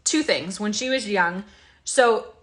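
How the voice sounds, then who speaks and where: A woman's voice: medium pitch, slow, fairly bright tone. A young woman hosting a casual vlog, talking in an emotional, confiding way with many fillers and restarts. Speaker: host.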